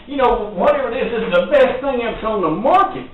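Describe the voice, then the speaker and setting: Folksy man, high-voiced sales trainer, rambling motivational talk, recorded from afar in a very echoey room. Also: expressive, fairly quick, hardly any pauses. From Western Kentucky. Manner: folksy and rambling, laughing often. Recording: echoey, distant, tinny phone-like audio with faint noise.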